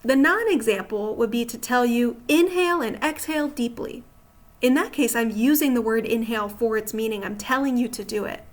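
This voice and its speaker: Woman teacher, fairly high voice, patient, explains step by step, checks in with listeners, slide-based writing lesson. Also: fairly quick, hardly any pauses. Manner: patient, explanatory, asks rhetorical check-in questions.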